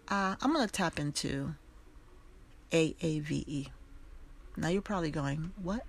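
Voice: mid-range voice, gravelly, slight background noise. A podcast host giving a passionate, emphatic solo commentary. They speak straight to the listeners in a conversational way, with asides and laughter.

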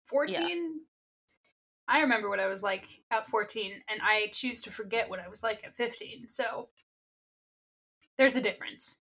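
Woman, podcast co-host, casual chat, playful, jokey, fairly high pitch. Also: normal speed, pauses often, bright, forceful tone. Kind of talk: casual book-club chat.

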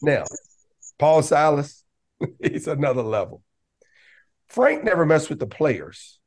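A man talking casually as a podcast guest, telling lively stories and breaking into raised voices to act out what others said. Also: fairly high pitch, slow. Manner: animated, laughing, acts out quotes in raised voice. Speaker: podcast guest, basketball coach. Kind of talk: casual storytelling.

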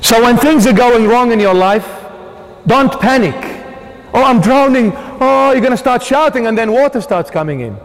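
A man with a high voice preaches a sermon, impassioned and emphatic, rising to loud cries and dropping to hushed tones. His words ring out with a long reverb, as in a big church hall. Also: expressive, moderate pace. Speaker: bishop preaching.

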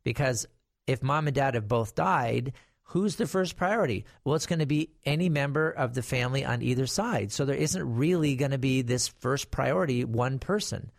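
His voice is mid-range and creaky, moving at an ordinary pace, as this middle-aged estate planning attorney explains guardianship to viewers. He takes a conversational storytelling approach with emphatic warnings, captured in a dry, studio-quality recording.

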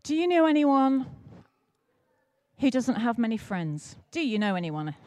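A woman preaching at an all-age church service, telling a story in a playful, animated way and speaking directly to the children. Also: fairly high pitch, measured pace. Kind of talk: lively storytelling sermon for children and adults.

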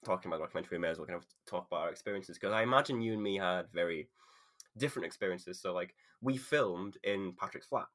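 A man's voice: deep voice, quick pace, a bit bright. A man hosting a podcast, chatty and encouraging toward his guest. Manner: chatty, laughs often, encouraging. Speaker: podcast host. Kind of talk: casual chat.

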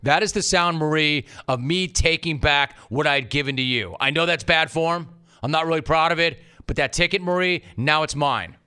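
A man's voice: a little high, moderate pace, sharp tone, smooth. A middle-aged man hosting a sports talk radio show, delivering a sarcastic, mock-indignant rant.

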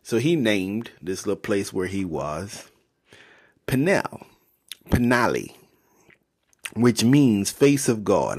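A man's voice: lowish voice, slow pace, long pauses, breathy edge. A man hosting a casual devotional podcast, retelling Bible stories with slang and humor. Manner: animated, slangy, laughs at his own jokes. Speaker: podcast host.

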